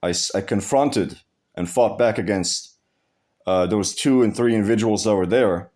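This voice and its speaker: A slightly mellow, lowish male voice moves at a moderate pace. In this casual vlog he speaks to camera, recounting a story bluntly with heavy swearing and frequent restarts and repetitions.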